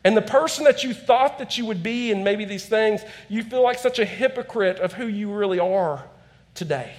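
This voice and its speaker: A man's voice: sits high, moderate pace. A man in his thirties preaching a conversational sermon in a church, acting out quotes as he tells stories. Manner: storytelling with acted-out quotes, conversational. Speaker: pastor.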